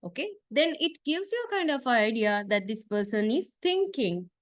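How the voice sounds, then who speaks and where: A woman's voice: on the high side, very animated, moderate pace, dry recording. A woman lecturing to a class, explaining step by step with frequent uh fillers and a questioning "right?" tag. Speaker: university lecturer.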